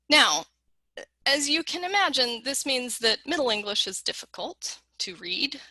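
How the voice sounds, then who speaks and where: A middle-aged woman giving a conference keynote lecture, talking quickly and playfully and acting out quoted lines. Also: on the high side, bright, forceful tone, no room sound. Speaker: keynote speaker.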